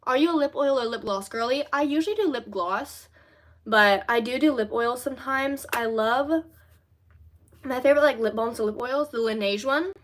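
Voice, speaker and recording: A woman's voice: on the high side, moderate pace. A teenage girl from Louisiana chatting casually on her livestream, answering comments in a chatty, rambling way full of fillers. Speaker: livestream host.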